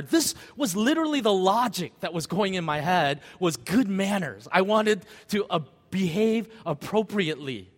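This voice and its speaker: A man's voice: high-pitched, very animated, normal speed, few pauses. A middle-aged man preaching a sermon as pastor, telling a personal story and asking the congregation rhetorical questions. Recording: long church hall reverb.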